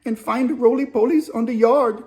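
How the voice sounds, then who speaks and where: A man's voice: steady tone, normal speed, mellow. Man doing a weepy, scared young inmate. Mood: timid. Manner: high, weepy, pleading.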